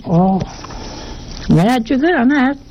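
A woman's voice: high voice, expressive, measured pace, a little mellow, a little hiss or hum, low-quality recording. A woman giving a sermon in a folksy, conversational way, often asking her listeners rhetorical questions. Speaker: preacher.

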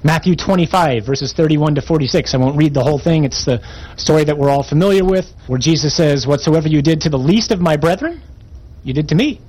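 A man's voice: on the high side, lively intonation, a little fast, a little mellow, breathy edge, poor audio. A man preaching a sermon, reading scripture aloud and commenting on it with emphatic, rising intensity.

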